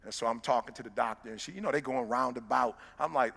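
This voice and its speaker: A middle-aged man, giving a motivational speech that swings from hushed storytelling to loud exhortation. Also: mid-range voice, fast talker, gravelly. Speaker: motivational speaker. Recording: long hall reverb.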